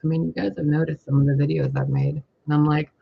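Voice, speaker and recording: A man casually telling a story to camera, animated and profane, laughing often as he talks. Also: a little high, fast, creaky, breathy edge, dull audio. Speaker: spiritual vlogger.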